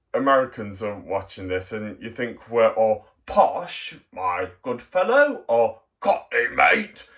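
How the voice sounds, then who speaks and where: A man's voice: mid-range voice, fairly bright tone. A man from Derbyshire with a Derbyshire English accent, chatting through a casual toy review with frequent chuckles and fillers. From Derbyshire, England.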